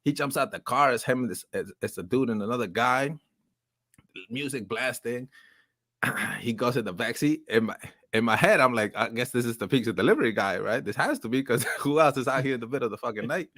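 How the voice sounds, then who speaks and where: A man's voice: mid-range voice, a little fast, no echo, clean studio sound. A man co-hosting a casual podcast chat, telling a long story with lots of swearing and acting out other people's voices. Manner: animated storyteller, heavy swearing, acts out voices. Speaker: podcast co-host.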